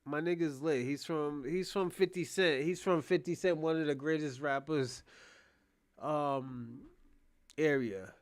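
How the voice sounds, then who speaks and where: Animated high-voiced man reacting live. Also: measured pace, smooth. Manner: animated, loose and profane, talking to chat. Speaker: streamer reacting to a debate. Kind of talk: casual live reaction commentary.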